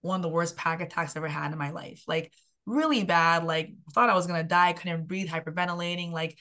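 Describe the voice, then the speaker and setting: A young woman shares her own story in a podcast interview, her pitch sitting a touch low. She talks in an animated way, leaning on "like" and acting out what she said back then. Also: a little fast. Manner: animated storyteller, filler-heavy with frequent "like". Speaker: guest, health and mindset coach.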